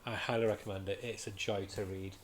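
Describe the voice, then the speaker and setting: A man's voice: lowish voice, flat delivery, quick pace, slight background noise. A man reviewing comics in casual chat, talking in an enthusiastic, rambling way and often restarting his sentences.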